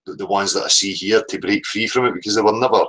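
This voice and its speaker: A man hosting a phone-in show, chatting in a relaxed way with frequent "you know"s. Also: on the low side, fast, poor audio. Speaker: host. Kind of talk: casual phone-in chat.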